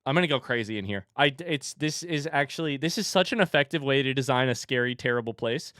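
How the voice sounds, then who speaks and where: A young male streamer talks through a horror game with a bright, lively voice that swings widely. He blurts out sudden sworn outbursts in jumpy panic. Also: medium pitch, quick pace, no echo. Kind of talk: live gameplay commentary.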